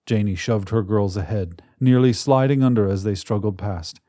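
Low, mellow male storyteller. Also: dry recording, clean studio sound. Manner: measured, dramatic storytelling. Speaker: narrator. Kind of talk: scripted narration.

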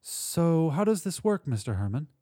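A man's voice: on the high side, very animated, moderate pace, mellow, dry recording, studio quality, pitched above the performer's own voice. A man doing a clipped, skeptical wife. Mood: suspicious. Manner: hard-edged, clipped. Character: skeptical sharp-tongued suburban wife.

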